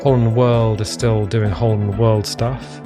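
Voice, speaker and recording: A man's voice: lowish voice, little pitch movement, normal speed. Man thinking aloud over game music. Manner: thinking aloud, hesitant, with fillers. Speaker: let's play host. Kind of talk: casual gameplay commentary.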